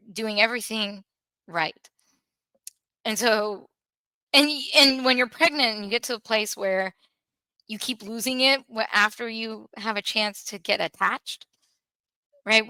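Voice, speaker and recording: A woman telling a painful personal story in an emotional, earnest way, pausing and restarting as she holds back tears. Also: mid-range voice, bright, forceful tone, dry recording. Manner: earnest, halting, with restarts and pauses. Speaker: podcast guest sharing a personal story.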